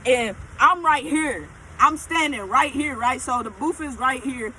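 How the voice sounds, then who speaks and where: High, bright-voiced woman telling a story. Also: measured pace, slight background noise, poor audio. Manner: animated, emphatic, keeps checking in with the audience. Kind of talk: casual storytime.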